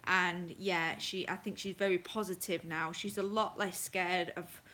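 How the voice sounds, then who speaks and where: Holding her phone close, an Englishwoman livestreams casually from home at night, chatty and apologetic while greeting viewers by name. Her lowish voice is pushed and bright, with fairly even intonation and a measured pace.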